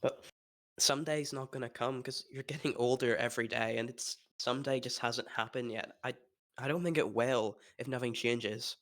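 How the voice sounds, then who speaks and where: A man playing his character in a tabletop role-play, talking haltingly and despairingly, with nervous laughs. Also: medium pitch, fairly even intonation, a bit bright. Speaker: player.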